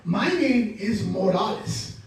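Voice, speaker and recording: A man performing a stand-up comedy set on stage, telling a story in an animated way and acting out the other people in it. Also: sits high, slow pace, vocal fry. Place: comedy stage with live audience. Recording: echoey venue, mic at a distance.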